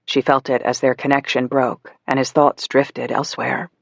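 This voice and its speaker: Breathy woman narrating a thriller audiobook. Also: extremely low pitch, flat delivery, normal speed, no echo.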